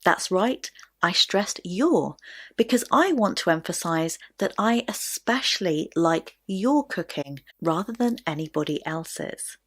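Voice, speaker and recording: A woman teaching a pronunciation lesson in a clear, deliberate way, stressing key words. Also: on the low side, expressive, a bit bright. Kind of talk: scripted lesson to camera.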